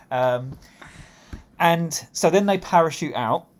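A man's voice: fairly high pitch, slow pace, a little hiss or hum. A man riffing in a casual comedic chat, rambling with lots of fillers and amused laughs.

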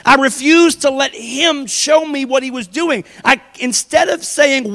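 A male pastor delivers a sermon in a chatty, storytelling manner. His voice sits high for a man. It rings out with a long reverb in a church hall. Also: unhurried, hardly any pauses, sharp tone. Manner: conversational preaching with personal stories.

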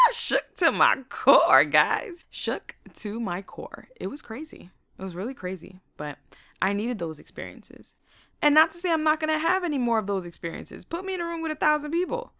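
A young woman casually telling her own stories in a lively, motivational way, laughing often and acting out what she said back then. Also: mid-range voice, a little fast, gravelly, no echo. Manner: faith-inflected, motivational.

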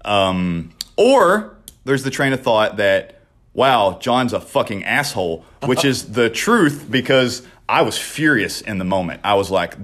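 A man's voice: lowish voice, unhurried. A young man co-hosting a podcast, telling a story casually with lots of swearing. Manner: profane, animated storytelling. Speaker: podcast co-host and wrestler.

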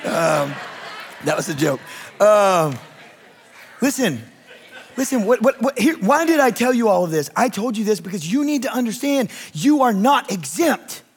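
Animated high-voiced preacher man. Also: moderate pace, breathy edge, a faint crowd. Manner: animated preaching, rising to shouts; candid, self-deprecating personal story. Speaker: pastor. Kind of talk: sermon.

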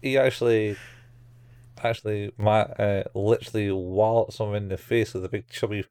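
A man's voice: fairly low pitch, fairly even intonation, moderate pace, a little mellow, smooth, no echo, studio quality. A man chatting casually as a podcast co-host, recapping a show and swearing freely. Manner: laid-back, swears casually, acts out characters' lines.

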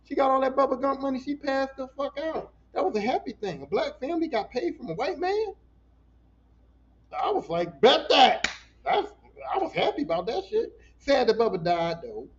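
A man hosting a casual solo podcast, ranting in an animated, profane way and talking back to his listeners. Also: extremely high pitch, normal speed, dull audio, a little hiss or hum. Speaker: podcast host.

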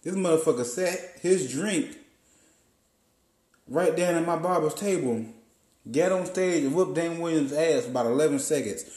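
A man hosting a podcast, telling a profane comic story in a loose, animated way and acting out what people said. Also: on the high side, moderate pace. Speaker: podcast host. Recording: roomy echo.

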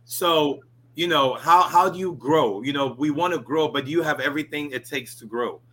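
A man's voice: on the high side, normal speed, pushed and bright. A man from Ghana chatting as an interview guest, emphatic and frank, often tagging on "right?". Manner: emphatic, keeps adding "right?". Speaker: guest, designer and event planner. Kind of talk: casual interview chat.

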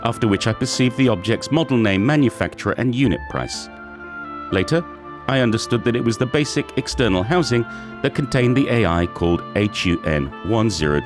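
A man's voice: mid-range voice, expressive, natural voice. A man reading as a confused newly awakened android. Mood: bewildered. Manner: measured, deliberate narration. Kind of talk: reading a short story aloud. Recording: music playing underneath.

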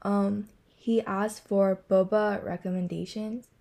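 Slow, hesitant teenage girl. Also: medium pitch, little pitch movement, warm tone. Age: teens. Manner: slow, hesitant, many fillers and giggles. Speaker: podcast co-host. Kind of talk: casual chat.

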